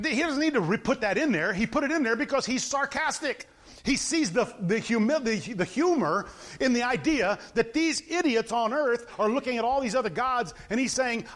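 High-voiced man preaching a casual sermon. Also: animated, fairly bright tone. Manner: emphatic, repeats points, quick asides to the congregation. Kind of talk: conversational sermon with scripture reading.

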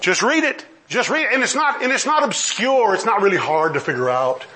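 A man's voice: sits high, expressive, brisk, bright, forceful tone. A middle-aged man preaching a sermon, emphatic, firing off mocking rhetorical questions and laughing often. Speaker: pastor.

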